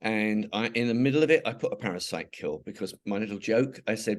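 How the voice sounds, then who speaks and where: A man's voice: on the low side, a little fast, few pauses. A middle-aged or older man from England, telling stories in a rambling interview style with many restarts and asides. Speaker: interviewee, charity founder. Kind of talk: conversational interview storytelling.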